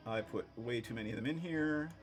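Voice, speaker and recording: A game master narrates a tabletop session for his players over online voice chat, relaxed and quick to laugh. He talks a little fast at medium pitch, and soft music plays in the background.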